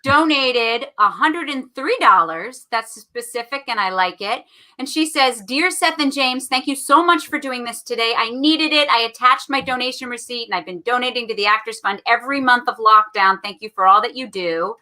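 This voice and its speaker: Bright, upbeat woman guest. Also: on the high side, moderate pace. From Massachusetts. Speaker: guest reading viewer donations. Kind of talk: casual video call chat.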